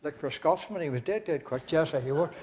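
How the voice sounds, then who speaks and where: Northern Irish man, higher voice, warm live comic storyteller who chuckles along. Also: expressive, brisk. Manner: chatty, laughs at his own jokes, rambling. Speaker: comedian at a concert. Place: church, live concert.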